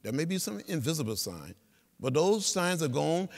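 A man, giving an inspirational speech in a rhythmic, preacher-like cadence with repeated phrases that swell to loud peaks. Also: on the high side, big pitch swings, normal speed, a faint crowd. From Alabama. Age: 70s. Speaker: guest speaker. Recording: long reverb of a big hall.

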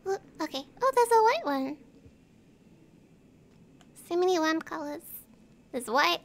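A woman's voice: very high voice, lively intonation, unhurried. A woman streaming a game live, chatting casually with her viewers and swearing freely. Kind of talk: live gameplay commentary.

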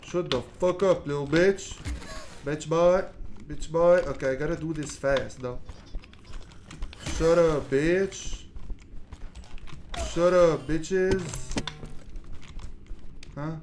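A gaming channel host giving laid-back let's play commentary, mumbling and swearing, then yelling at the monsters. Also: mid-range voice, takes it slowly, long pauses, slight background noise.

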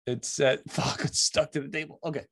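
A man's voice: fairly high pitch, steady tone, brisk, creaky, a bit bright, slightly rough, dry recording, studio quality. A man co-hosting a podcast in casual chat, joking and laughing often. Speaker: podcast co-host.

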